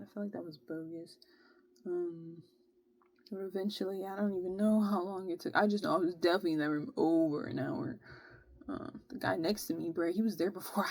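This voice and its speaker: A young woman casually telling a long personal story, animated and exasperated, with plenty of slang. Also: fairly low pitch, normal speed, dry recording. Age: young adult. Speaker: vlogger.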